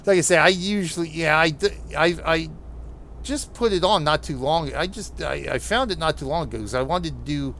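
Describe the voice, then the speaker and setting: A man with a New Jersey accent chatting casually with his audience while driving in a truck game, rambling with halting restarts. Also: a little high, fairly bright tone, slight background noise. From New Jersey, USA. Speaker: streamer playing a truck game. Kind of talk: casual chat while gaming.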